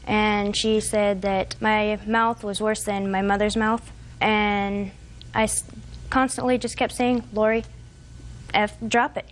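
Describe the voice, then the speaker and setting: A woman in her twenties testifies as a defendant in a courtroom. She recounts events at length in a halting way, with faint noise in the background. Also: mid-range voice, little pitch movement. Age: 20s. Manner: halting, long retelling with fillers and restarts.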